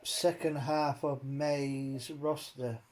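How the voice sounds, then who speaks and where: A man's voice: mid-range voice, level tone, slow pace. A man hosting a casual chat, rambling and swearing as he rants with many fillers. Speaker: host.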